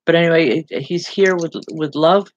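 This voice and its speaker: A woman giving live spiritual readings as a medium, speaking haltingly with repeated words and a gently reassuring manner. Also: deep voice, dry recording, muffled recording. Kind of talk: live online psychic readings.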